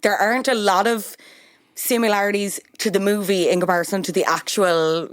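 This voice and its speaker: A woman's voice: mid-range voice, steady tone, fairly quick, no room sound, clean studio sound. A woman hosting a podcast, asking her guest guiding questions in casual chat and encouraging him along. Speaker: podcast host.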